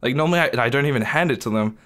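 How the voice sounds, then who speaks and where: A young man vlogging, retelling a strange restaurant visit in a casual, animated way, with lots of "like". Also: mid-range voice, rapid-fire. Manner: animated retelling, heavy use of "like". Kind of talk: casual storytelling to camera.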